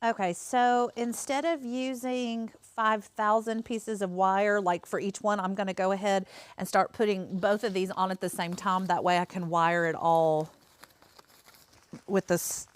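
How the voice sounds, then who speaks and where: A woman's voice: medium pitch, flat delivery, measured pace, clean tone, no echo. Chatty woman teaching a craft. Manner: chatty and rambling, many fillers. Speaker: craft host. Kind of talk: casual craft tutorial.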